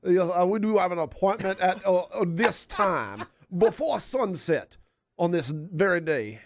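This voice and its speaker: A man's voice: high-pitched, lively intonation, unhurried. Man doing a nervous, fumbling companion. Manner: hesitant, stumbling over words. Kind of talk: tabletop role-play.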